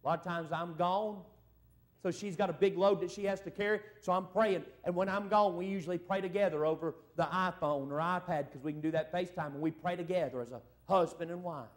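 Preacher guy, high voice, folksy revival sermon, keeps asking the church for amens. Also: brisk. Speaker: evangelist. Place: church service.

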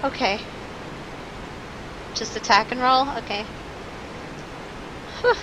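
A woman streaming live gameplay, talking to her chat in a jumpy, nervous way with quick laughs. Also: a little high, background noise. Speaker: game streamer.

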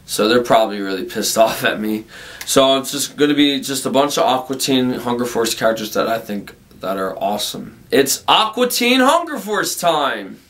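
A man's voice: mid-range voice, lively intonation, normal speed, fairly bright tone. A man hosting his own comedic vlog in a casual, goofy way, laughing often between lines. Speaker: vlog host.

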